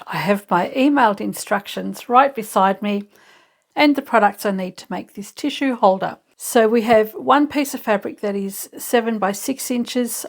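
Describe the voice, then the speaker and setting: A woman hosting a sewing tutorial, chatty and thinking aloud step by step as she works. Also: mid-range voice. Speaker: sewing channel host.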